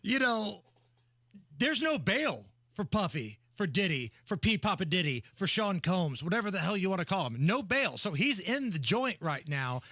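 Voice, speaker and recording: A man hosting a radio talk show, joking and ribbing his co-host in quick banter. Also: sits high, sing-song, bright, forceful tone, dry recording, clean studio sound. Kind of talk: casual radio chat. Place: radio studio.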